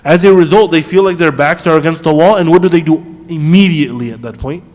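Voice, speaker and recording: A man teaching a class on Quran commentary, asking the class questions and quickly reciting Arabic verses. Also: fairly high pitch, a little mellow, big-room sound. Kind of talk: classroom lesson. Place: mosque classroom.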